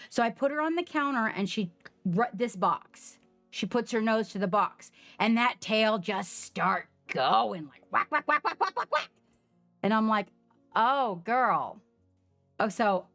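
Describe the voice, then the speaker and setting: A woman live-streaming from home, with a slightly high voice recorded dry and close. She chats casually with her viewers and slips into animated reactions when she quotes herself. Faint music plays underneath. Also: no echo.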